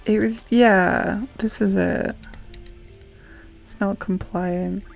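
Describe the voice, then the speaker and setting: A woman's voice: medium pitch, fairly even intonation, very slow, creaky. A woman in her thirties streaming and chatting casually, sleepy, chatty and self-deprecating, often laughing mid-sentence. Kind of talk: casual chat while gaming. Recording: music playing faintly behind.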